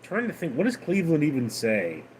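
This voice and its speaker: A man hosting a casual livestream, reading viewer questions aloud and answering them in a deadpan way. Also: a little high, a little fast, slight background noise. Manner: deadpan, reads names then answers. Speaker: livestream host.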